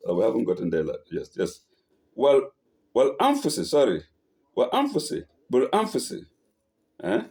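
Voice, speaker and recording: A man teaches the Quran verse by verse, reciting lines and then slowly translating them, often correcting himself and checking in with "eh?" His medium-pitched voice swoops wildly in pitch and has a darkish tone.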